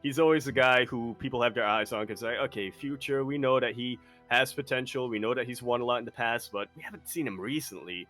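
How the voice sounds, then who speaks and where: A man co-hosting a casual esports podcast, talking in an animated, jokey way. His voice is bright and a little forceful, and soft music sits faintly behind him. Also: mid-range voice, fast, few pauses. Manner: animated, jokey, slips into mock accents. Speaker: podcast co-host.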